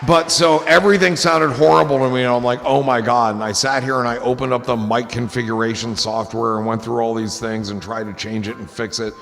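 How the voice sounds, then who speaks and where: A gravelly man chatting loosely on his live stream, swearing freely and spinning rambling stories. His voice rings with a long reverb, and music plays softly behind him. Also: mid-range voice, brisk, few pauses. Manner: profane, rambling storyteller, gets excited. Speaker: streamer host. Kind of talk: casual live-stream chat.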